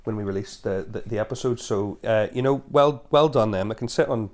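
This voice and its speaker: A man's voice: lowish voice, fairly quick, a little mellow. A man with a Northern Irish accent co-hosting a podcast, chatty and hesitant with many fillers. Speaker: podcast co-host. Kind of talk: casual podcast chat.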